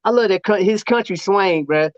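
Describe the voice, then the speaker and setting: A man with a high voice hosts a casual livestream chat at a normal pace, talking loosely and animatedly with plenty of slang and laughter. The recording is dry, dull and lo-fi.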